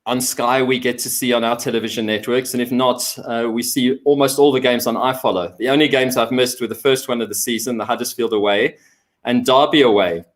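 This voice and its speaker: A man's voice: mid-range voice, fairly even intonation, a little fast. A man from Africa, a guest speaking enthusiastically and politely. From South Africa. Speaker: guest fan. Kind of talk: casual interview chat.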